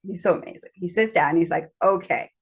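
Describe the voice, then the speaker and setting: A woman with a fairly low-pitched voice tells a frank personal story about sex and control, laughing often. She acts out her own panicked thoughts in lively quoted asides, as an open and candid host. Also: fast, husky. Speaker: podcast host.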